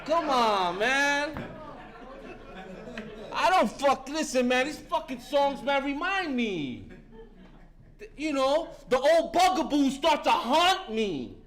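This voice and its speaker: A man's voice: very high-pitched, big pitch swings, unhurried, fairly bright tone. A man in his fifties giving a fervent, profane share at a recovery meeting, talking street-style and breaking in with "listen" again and again. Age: 50s.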